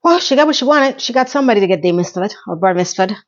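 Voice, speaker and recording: A woman recapping a TV episode in a casual chat, talking in a lively way with quick asides and questions to her viewers. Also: mid-range voice, dull audio. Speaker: TV recap reviewer.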